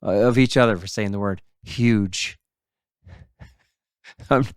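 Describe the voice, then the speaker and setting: A man's voice: lowish voice, takes it slowly, clear, resonant tone, dry recording, studio quality. A man hosting a casual podcast chat among friends, laughing often and teasing the others. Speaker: podcast host.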